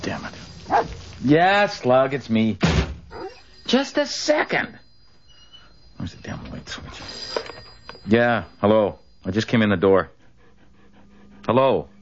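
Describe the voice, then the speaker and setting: A man's voice: mid-range voice, big pitch swings, takes it slowly, long pauses, a little hiss or hum. A tense, irritable father. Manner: tense, irritable, swearing under stress. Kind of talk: film drama acting. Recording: dull muffled film audio.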